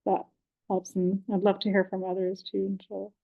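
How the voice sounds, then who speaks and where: Woman panelist, flat intonation, conversational, dull lo-fi audio. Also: mid-range voice, normal speed, vocal fry. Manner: conversational, uses many fillers. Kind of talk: panel discussion.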